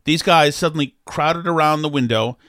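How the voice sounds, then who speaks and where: A man's voice: on the high side, moderate pace, fairly bright tone, dry recording, clean studio sound. Rambling middle-aged male podcast host. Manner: rambling, jokey storytelling with many restarts. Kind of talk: casual chat.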